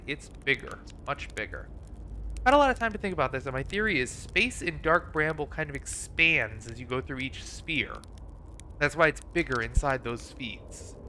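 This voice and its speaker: A man reading out a laid-back, folksy alien pilot from a space exploration game, stranded and unbothered, trading in dry jokes. The voice sits a little high and sounds bright and forceful. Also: slight background noise. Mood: musing. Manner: folksy, dry humor, read aloud from on-screen dialogue. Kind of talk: reading game dialogue aloud.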